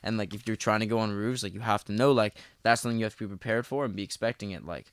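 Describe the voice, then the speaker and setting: A young man, a podcast guest, telling animated stories in casual chat, with lots of "like" and plenty of swearing. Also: lowish voice, rapid-fire, clear, resonant tone, dry recording. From Philadelphia area. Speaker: podcast guest, parkour athlete.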